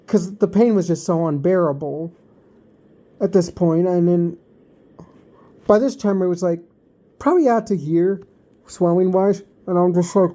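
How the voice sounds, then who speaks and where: Mellow-voiced man rambling through a story. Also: high voice, steady tone, unhurried, long pauses. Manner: rambling, loose, full of fillers and restarts. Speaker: vlogger. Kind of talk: casual storytime vlog.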